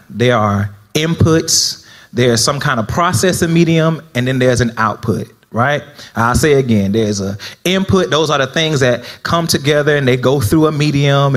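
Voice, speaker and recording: A young man from South Florida preaching a sermon as minister, talking conversationally with laughing asides and checking in with the congregation. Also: mid-range voice.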